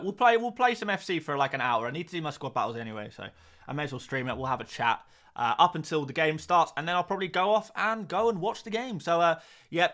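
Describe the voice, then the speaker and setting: A man's voice: a little high, pushed and bright. A man hosting a casual live stream about fantasy football, talking to his chat with self-mocking asides. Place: home room.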